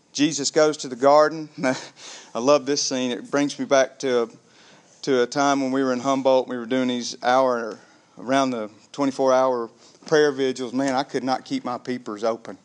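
A man preaching a sermon, conversational and animated, calling the congregation "gang" and asking them questions. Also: medium pitch. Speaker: pastor.

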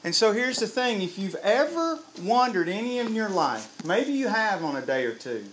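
A man preaching a sermon to a live congregation, lively and humorous, quizzing the crowd. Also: high-pitched, normal speed, slight background noise. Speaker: pastor.

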